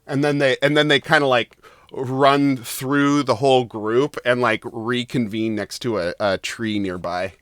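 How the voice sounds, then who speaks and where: A man's voice: medium pitch, steady tone, a little slow, a bit bright, dry recording, clean studio sound. A man narrating as game master of a tabletop game, rambling with lots of fillers.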